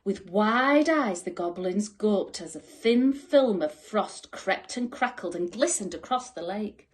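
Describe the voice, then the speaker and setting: A woman teacher reads a bedtime story at an unhurried pace, with a voice that rises and falls in a very lively way. She drops to soft whispers for the hushed moments. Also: medium pitch. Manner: expressive, dropping to soft whispers. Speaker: school teacher.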